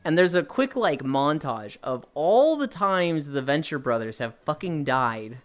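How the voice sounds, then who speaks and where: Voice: mid-range voice, big pitch swings, a little slow. A streamer chatting casually and rambling on a live stream while walking, swearing freely as they talk.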